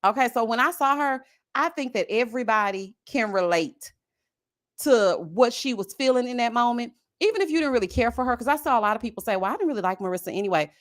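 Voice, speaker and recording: A woman hosting a casual live chat about a reality TV show. She talks in a sassy, animated way and keeps calling her viewers "y'all" and "honey". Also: on the high side, fast talker.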